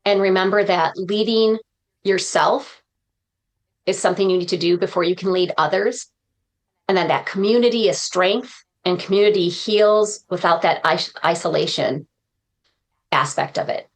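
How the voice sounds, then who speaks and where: A woman's voice: mid-range voice, moderate pace. Earnest woman speaker sharing uplifting lessons. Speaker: guest, motivational speaker. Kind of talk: podcast interview conversation.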